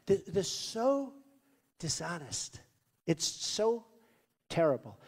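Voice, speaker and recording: Boastful candidate with a lively, high voice. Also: male voice, slow pace, pauses often. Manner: rambling, boastful, repeats himself. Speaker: political candidate. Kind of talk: campaign rally speech. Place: large rally venue. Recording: long reverb of a large hall.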